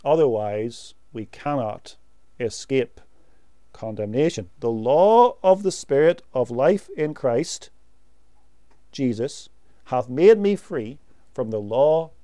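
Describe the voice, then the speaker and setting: A man delivers a sermon at an unhurried, deliberate pace, pressing his points home by repeating key words. His voice is warm, dark and smoothly resonant. The recording is close and dry. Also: medium pitch, big pitch swings, no room sound. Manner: slow, measured doctrinal teaching with emphatic repetition. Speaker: preacher.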